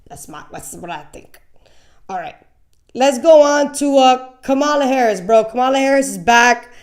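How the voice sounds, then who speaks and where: A woman hosting a live political talk show, blunt and animated, often repeating words as she talks. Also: sits high, moderate pace. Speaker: host. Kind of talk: casual political commentary.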